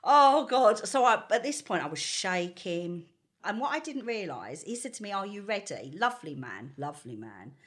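A woman's voice: mid-range voice, moderate pace, husky. A woman in casual chat, telling a story with lots of laughter and acted-out quotes. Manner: animated storyteller, laughs often, acts out quotes.

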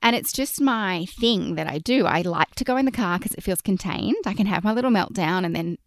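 A woman's voice: medium pitch, lively intonation, a little fast, dry recording. A young Australian woman co-hosting a parenting podcast, talking in an outgoing, chatty way from a closet at home. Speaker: podcast co-host. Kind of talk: casual podcast chat. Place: closet at home, recording remotely.

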